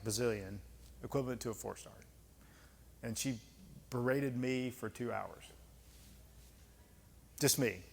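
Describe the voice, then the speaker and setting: Speaking with vocal fry in a mid-range voice, a man in his fifties who once served as a senior Army leader in the US gives a lecture and takes audience questions. He's blunt, emphatic and conversational, sprinkling in folksy asides. The club lecture hall adds long reverb and slight background noise.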